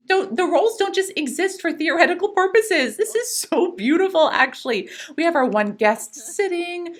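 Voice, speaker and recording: A young woman talks through her gameplay in a high voice that swings widely up and down. She is excitable and giggly and breaks into squeals of delight. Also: normal speed, hardly any pauses. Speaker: gaming YouTuber. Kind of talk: casual gameplay commentary.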